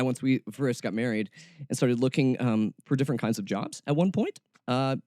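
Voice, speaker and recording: A man's voice: mid-range voice, a little mellow, clean tone, dry recording, studio quality. A middle-aged man from Atlanta hosting a radio show, talking casually and sarcastically, laughing often and going off on rants. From Atlanta, US South. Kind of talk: casual solo radio monologue.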